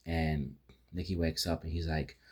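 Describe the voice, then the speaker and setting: A man's voice: rumbling low, steady tone, unhurried, darkish tone, slightly rough. A man giving a casual spoken film review, rambling with frequent restarts and fillers and acting out quoted lines as he retells scenes.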